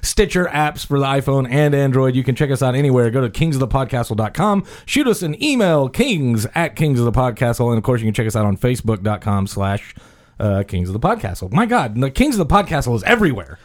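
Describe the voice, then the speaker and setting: A man hosting a casual comedy podcast, laughing often and breaking into loud animated bursts. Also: medium pitch, fast. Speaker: podcast host.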